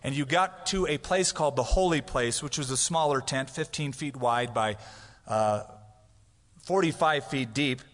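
A man preaching a conversational expository sermon as pastor, animated and casual, sometimes acting out loud prayers for effect. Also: medium pitch, unhurried, in a large hall.

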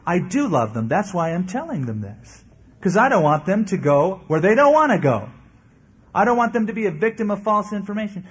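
Male pastor, sermon, earnest, emphatic, husky, somewhat high voice. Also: very animated, fairly quick, a bit bright.

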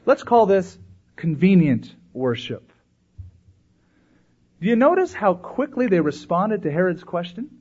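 A man preaching a sermon in an animated way, acting out voices when he quotes people. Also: high-pitched, measured pace, long pauses, breathy edge. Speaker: pastor. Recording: dull lo-fi recording.

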